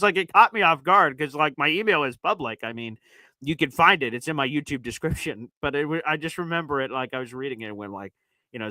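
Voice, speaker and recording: A man's voice: medium pitch, no echo, low-quality recording. A man hosting a casual live sports stream, reading super chats aloud in a loose, chatty way with lots of fillers. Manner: loose, chatty, many fillers, shifts from loud to muttering. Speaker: sports podcast host.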